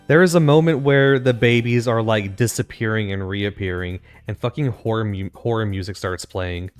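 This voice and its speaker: A man co-hosting a podcast in casual chat, joking and swearing with quick interjections. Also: fairly low pitch, faint music behind. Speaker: podcast co-host.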